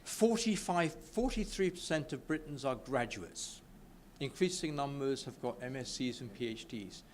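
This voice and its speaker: A man's voice: medium pitch, animated, normal speed, a little mellow, slight background noise. Enthusiastic British man giving a speech. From United Kingdom. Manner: enthusiastic, stumbles and restarts often. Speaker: speaker at a business networking event. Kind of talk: informal speech to an audience. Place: event room with a live audience.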